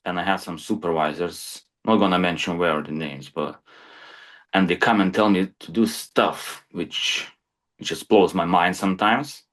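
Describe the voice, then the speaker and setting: A man's voice: deep voice, steady tone, normal speed, a bit bright. A man who is a crane supervisor, talking in casual podcast chat, plain-spoken and peppered with "you know".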